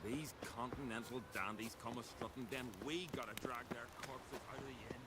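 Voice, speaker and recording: A man's voice: medium pitch, fairly even intonation, a little fast, very noisy, natural voice. Man voicing a scornful island villager. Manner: scornful, grumbling. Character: scornful male island villager, mocking outsiders. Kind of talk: video game voice acting.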